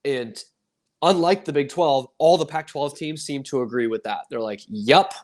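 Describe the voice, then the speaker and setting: A man's voice: mid-range voice, animated, moderate pace, a little mellow. A man co-hosting a casual sports podcast, ranting in a rambling way and acting out quoted voices. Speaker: podcast co-host.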